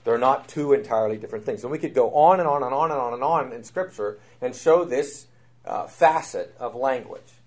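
A man's voice: mid-range voice, fairly quick. A middle-aged man teaching a Bible study, stressing points with repetition, many fillers and restarts. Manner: animated, repetitive emphasis, frequent fillers and restarts.

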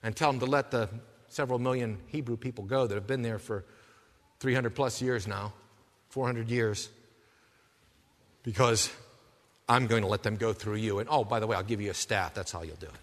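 A preacher giving God a hushed, tender voice. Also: male voice, lowish voice, voice pushed down, natural voice. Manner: soft, slow, intimate. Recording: long reverb of a hall.

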